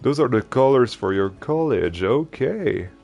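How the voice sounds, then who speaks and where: A man streaming a game, chatting casually and rambling with many hesitations, his voice going a little hoarse. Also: mid-range voice, animated, a little slow, faint music behind. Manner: rambling, hesitant, hums tunes softly. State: losing his voice. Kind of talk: casual live-stream chat while playing.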